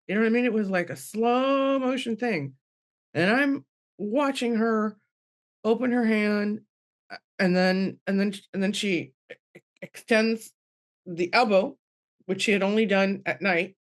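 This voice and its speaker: Unhurried and pausing often, a middle-aged guest medium earnestly relates an emotional story from her own life. Acted-out dialogue lifts her voice higher, while moving moments bring it down low and soft.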